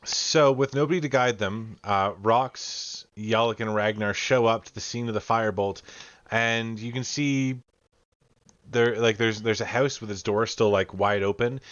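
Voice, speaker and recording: A man's voice: lowish voice, measured pace, fairly bright tone, no echo, muffled recording. A man narrating as game master in casual talk, with fillers and restarts, over a video call.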